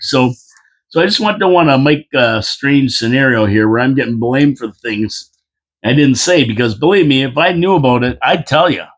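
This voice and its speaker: A tired local commentary host, a man with a mid-range voice, talks at a moderate pace through a casual opinion monologue. He rambles, repeats himself, and drops folksy asides, yawning as he goes.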